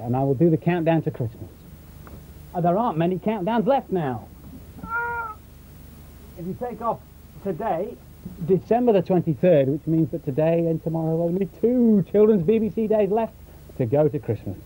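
A man's voice: a little high, expressive, normal speed, long pauses, mellow, low-quality recording. A young man presenting children's television, a little out of breath, chatty and talking straight to the young viewers. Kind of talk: live continuity presenting. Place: small studio booth. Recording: rough old TV recording with faint hiss.

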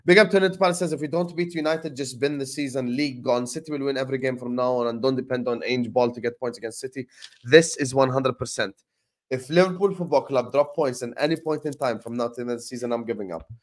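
A young man hosting a casual football live stream, slangy and animated as he shouts out viewers. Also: medium pitch, fast. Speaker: host.

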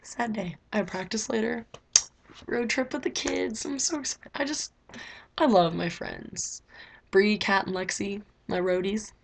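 A woman's voice: mid-range voice, unhurried, gravelly, slight background noise. A teenage girl vlogging from her bedroom, rambling casually with lots of fillers. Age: teens. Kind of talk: casual diary vlog.

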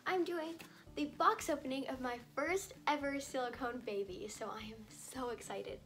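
A woman filming an unboxing vlog, talking in a gushing, excitable way full of fillers, recorded by a camera on a tripod at home. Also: high voice, normal speed. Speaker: doll collector vlogger. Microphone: camera on a tall tripod. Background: background music.

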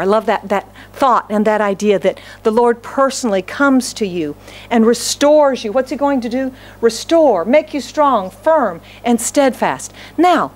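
A middle-aged woman pastor preaching a sermon, animated and emphatic, speaking quickly with frequent restarts and repeated phrases. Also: on the high side.

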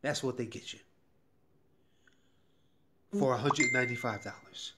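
A man giving an emotional, repetitive sales pitch straight to the viewer, pleading and getting heated. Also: steady tone, a little slow, very noisy. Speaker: YouTuber promoting a tax service. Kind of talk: direct-to-camera sales pitch.

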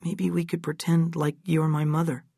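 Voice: medium pitch, flat delivery, moderate pace, creaky, dark tone, breathy edge, dry recording, studio quality, pitched above the performer's own voice. A reader voicing a shy, delicate young boy who talks earnestly.

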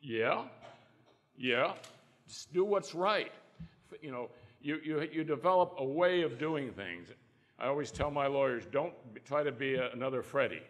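With lively intonation and an unhurried, medium-pitched voice, an older man, a trial lawyer on a panel, tells folksy stories and plays out the quotes. Long reverb from the conference hall colors the sound.

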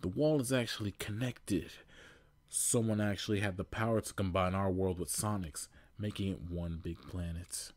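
A man's voice: low-pitched, steady tone, normal speed, no room sound. A man voicing a doddering, fussy old male professor and inventor, in a quaint manner. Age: older.

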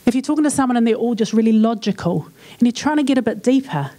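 With a mellow voice on the high side, the New Zealand woman speaks expressively at a quick pace. Her humorous church conference talk is chatty, punctuated by acted-out little dialogues.

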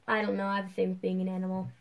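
A young adult woman chatting casually while playing a game, excitable and quick to poke fun at herself. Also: medium pitch, a little hiss or hum, poor audio. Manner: chatty, excitable, self-mocking. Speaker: gamer. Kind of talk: casual gameplay chat.

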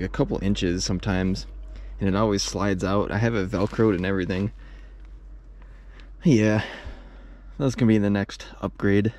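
A man's voice: lowish voice, a little mellow, a little hiss or hum. A man in a casual vlog, rambling and self-deprecating as he tidies his van and talks to viewers through a camera mic. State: out of breath on the climb. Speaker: van life vlogger. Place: in and around a van, then on a wooded hiking trail outdoors.

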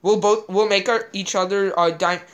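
A woman's voice: medium pitch, fairly even intonation, moderate pace, smooth. A woman hosting a gameplay video, thinking aloud in casual, rambling commentary as she plays.

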